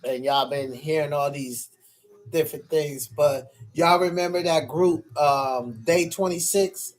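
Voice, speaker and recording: A man's voice: a little high, measured pace. A man from New York chatting casually on a livestream. He rambles and swears, with lots of hesitations, and often calls out to his viewers. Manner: rambling and profane, full of hesitations.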